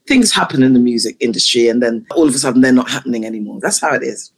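A woman's voice: extremely low pitch, lively intonation, very fast, husky. A woman choir conductor, a guest in an interview, telling stories with animation and frequent laughter. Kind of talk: interview storytelling.

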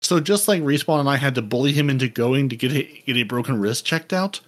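A man's voice: medium pitch, animated, fast. A man hosting a casual gaming podcast, playful and rambling, often repeating words as he goes. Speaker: podcast host.

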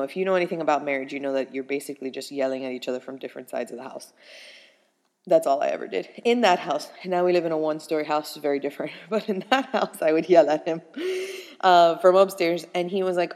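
A woman's voice: fairly low pitch, big-room sound. Chatty young woman telling a story. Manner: chatty, animated, laughs often, lots of "like". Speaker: vlogger. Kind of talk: casual storytelling to viewers.

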